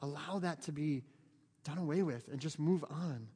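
A man's voice: on the high side, moderate pace, mellow, breathy edge. A middle-aged man from the United States, a pastor preaching a sermon in an earnest, pleading way that builds to emphatic peaks. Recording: long church hall reverb.

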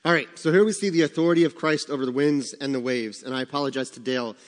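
A man's voice: medium pitch, quick pace. A man leading a Bible study, teaching in a conversational way and asking the group questions. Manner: conversational, asks the room questions. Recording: long hall reverb.

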